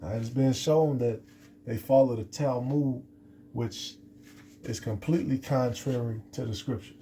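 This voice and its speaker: A man teaches scripture off the cuff in a deeply mellow, dark voice. He rambles, circles back and stumbles over his words with plenty of fillers. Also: normal speed, slight background noise. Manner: rambling, many restarts and fillers. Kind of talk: unscripted scripture lesson.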